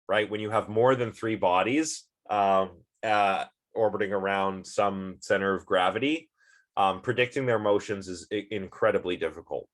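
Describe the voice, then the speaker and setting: A man with a somewhat low voice talks through a philosophy lecture. His delivery is loose and conversational, full of ums, uhs and false starts as he thinks aloud. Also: fairly bright tone. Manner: casual, rambling, many fillers and restarts. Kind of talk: recorded online lecture.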